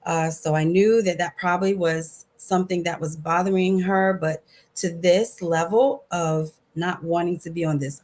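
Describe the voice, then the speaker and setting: A middle-aged woman sharing a personal testimony at a support group, speaking earnestly and haltingly over a video call. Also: on the low side.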